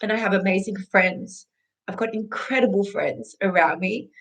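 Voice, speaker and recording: A woman's voice: mid-range voice, normal speed, poor audio. Australian woman, fitness instructor, earnest, tearful, heartfelt personal vlog. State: tearful, emotional.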